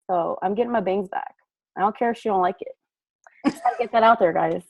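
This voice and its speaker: A woman hosting a relaxed group video call, chatty and quick to laugh. Her voice sits a little high. She comes through a video call mic. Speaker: call host.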